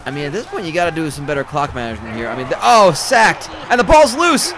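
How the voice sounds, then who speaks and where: A man's voice: a little high, big pitch swings, fairly bright tone, slight background noise. A man giving joking, rambling live commentary on a video game football match, calling plays and swearing casually. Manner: rambling, swears, quick play calls.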